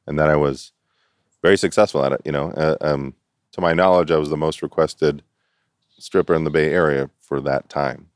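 An animated middle-aged storyteller with an extremely deep, clear, resonant voice recounts a tale at a moderate pace during a relaxed interview. He laughs a lot and acts out quoted voices, and the close, dry recording has no room sound.

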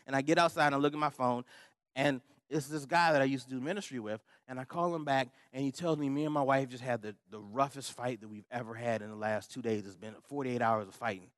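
A man's voice: medium pitch, fast, fairly bright tone, dry recording, clean studio sound. A middle-aged man preaching a sermon, telling a personal story in a humorous, conversational way and laughing often. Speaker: pastor.

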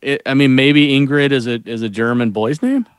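A man co-hosting a show, talking about a movie in a hesitant, halting way with lots of fillers. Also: mid-range voice, clean tone, no room sound. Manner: hesitant, many fillers and restarts. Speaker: podcast co-host. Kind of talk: casual movie discussion.

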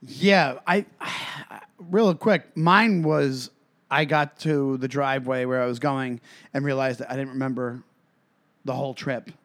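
This podcast co-host has a medium-pitched, fairly bright voice with a steady, unhurried delivery. In casual chat he rambles through stories, leaning heavily on fillers such as "uh" and "like."

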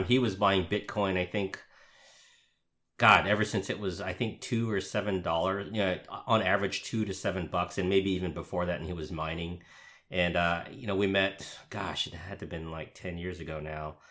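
A man's voice: sits low, pushed and bright. A man co-hosting a podcast, telling a self-mocking story in casual chat with laughter. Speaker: podcast co-host.

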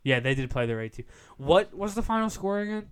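A young man co-hosting a casual sports podcast, excitable and profane, quick to overreact. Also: high-pitched, clean tone. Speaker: podcast co-host.

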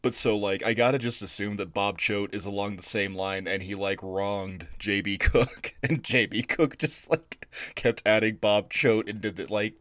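A man with a fairly low voice chats casually on a podcast. He rambles through stories, swears often, and livens up when he mimics people. The sound is dry and close, with no room around it. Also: moderate pace, hardly any pauses, dry recording. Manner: rambling, profane, animated when quoting people. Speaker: podcast co-host. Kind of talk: casual chat.

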